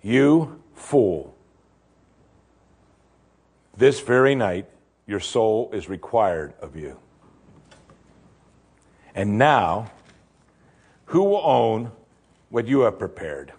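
A man voicing God as a stern, grave judge who speaks slowly, with a husky voice. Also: sing-song, a little mellow, full character voice. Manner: low, grave, slow. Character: stern solemn God rebuking a fool.

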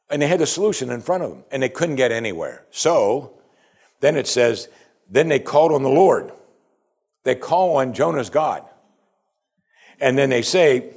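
A man preaching a sermon, animated, swinging between loud exclamations and quiet asides. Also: medium pitch, normal speed, pauses often. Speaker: pastor.

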